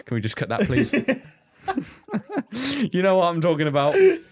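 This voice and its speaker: A man, co-hosting a casual co-op gameplay video with a joking, excitable manner. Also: fairly high pitch, moderate pace. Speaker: gaming channel co-host. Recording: faint game music behind.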